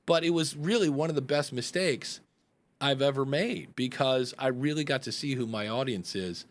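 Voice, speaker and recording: A man's voice: medium pitch, normal speed. A man, a podcast coach hosting a live advice chat, rambling and acting out example announcements.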